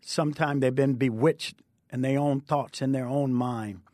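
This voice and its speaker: A man's voice: mid-range voice, steady tone, a little slow, mellow, dry recording, studio quality. Earnest preacher man telling his testimony. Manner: fervent, preacherly, rising emphatic delivery. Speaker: preacher guest. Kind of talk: testimony in a Christian TV interview.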